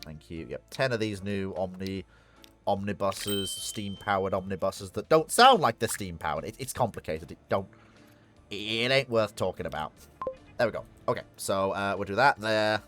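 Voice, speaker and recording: A man's voice: lowish voice, lively intonation, normal speed, fairly bright tone, soft background music. Chatty man streaming a train game. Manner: rambling, talks to himself and the game, self-mocking. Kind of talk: casual live-stream commentary.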